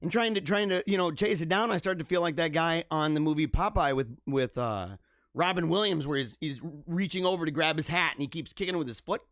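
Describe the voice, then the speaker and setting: A young man hosting a livestream, reacting to news stories with animated, mock-outraged rants and bursts of laughter. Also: on the high side, brisk, dry recording, clean studio sound. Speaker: livestream host. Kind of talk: casual livestream commentary.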